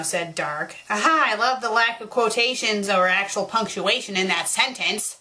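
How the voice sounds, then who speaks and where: A woman's voice: mid-range voice, normal speed, pushed and bright. A woman hosting a critique show, reading a bad fanfiction aloud and breaking off into exasperated, mocking rants. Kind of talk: sarcastic dramatic reading with commentary.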